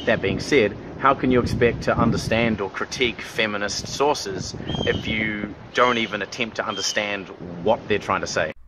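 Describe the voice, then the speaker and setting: A low-voiced man in a played clip lectures with rhetorical questions. Background noise comes through clearly. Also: normal speed.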